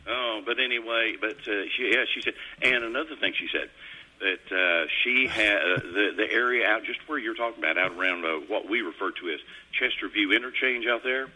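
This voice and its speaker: Man, radio host, middle-aged, low and husky, forceful tone, rambling folksy stories. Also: fairly quick, rough recording. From Kentucky. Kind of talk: casual on-air chat. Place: radio studio.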